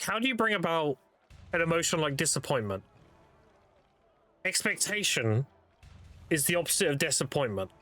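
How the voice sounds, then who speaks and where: A young man streaming a game, casually telling dark lore with plenty of swearing and loose, rambling phrasing. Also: high voice. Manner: profane, laid-back lore explainer. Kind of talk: casual storytelling while gaming.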